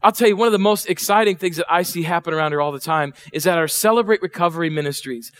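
A man's voice: on the high side, quick pace, a bit bright. A middle-aged man preaching a sermon, chatty and full of questions to the congregation. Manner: conversational, asks the congregation questions, acts out voices. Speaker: pastor. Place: church.

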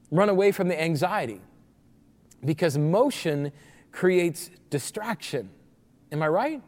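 A man in his forties, a pastor preaching a sermon, telling the story in an animated way and acting out voices of the people. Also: high-pitched. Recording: long reverb of a large hall.

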